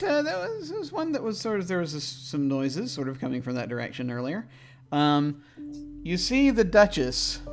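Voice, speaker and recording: Halting male game master. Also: medium pitch. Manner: halting, many ums and restarts. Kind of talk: narrating a tabletop game.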